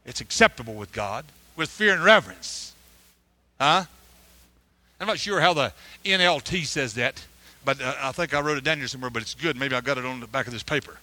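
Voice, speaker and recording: A middle-aged man preaching a sermon with personal testimony, telling his story with animated energy, stammered restarts and frequent hallelujahs. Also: mid-range voice, brisk, no echo. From United States. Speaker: preacher, missionary.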